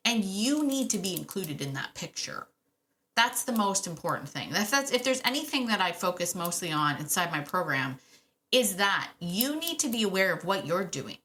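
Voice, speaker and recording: A woman hosting a dog training podcast, giving emphatic, animated advice in a casual way, repeating her key points and laughing often. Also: mid-range voice, moderate pace, a little hiss or hum.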